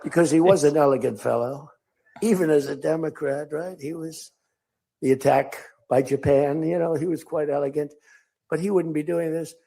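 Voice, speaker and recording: With a slightly high, gravelly, dark voice and fairly even intonation, an older man speaks to a crowd at a moderate pace. He's a political speaker going off-script, wandering through stories and performing quotes in different voices.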